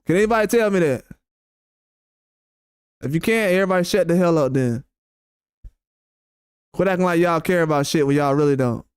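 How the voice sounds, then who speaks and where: A man's voice: a little high, moderate pace, long pauses, clear, resonant tone, no echo, studio quality. Heated man ranting on a live stream. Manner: heated, repetitive, blunt and profane. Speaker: boxing channel host. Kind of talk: live-stream rant responding to chat.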